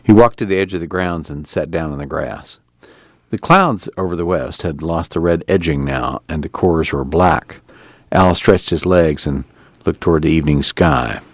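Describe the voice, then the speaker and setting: A man narrating an audiobook with expressive storytelling. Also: rumbling low, normal speed, no room sound.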